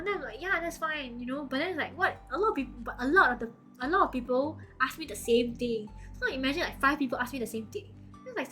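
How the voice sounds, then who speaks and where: A woman's voice: high-pitched, fairly bright tone. A young woman with a Singaporean English accent, chatting casually with live viewers as a streamer, rambling and laughing often.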